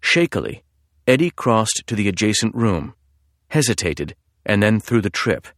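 A man narrating a thriller audiobook in a measured, suspenseful way. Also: lowish voice, very animated, no room sound, clean studio sound.

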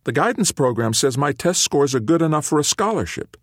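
A man's voice: a little high, animated, brisk, dry recording, studio quality, pitched above the performer's own voice. A man voicing an awkward teenage boy who mutters sullenly and turns eager when he talks about his hopes. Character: awkward, restless teenage boy longing to leave.

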